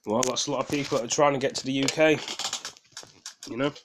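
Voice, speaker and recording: A man's voice: mid-range voice, steady tone, quick pace, background noise. A man giving casual, hesitant commentary on news clips, full of fillers like "you know". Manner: hesitant, reflective, filler-heavy.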